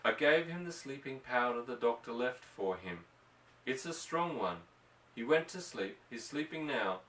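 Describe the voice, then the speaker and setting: A man voicing an anxious ranch wife and mother, speaking softly and with worry. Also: mid-range voice, lively intonation, a little slow. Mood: anxious, hushed. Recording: roomy, distant mic.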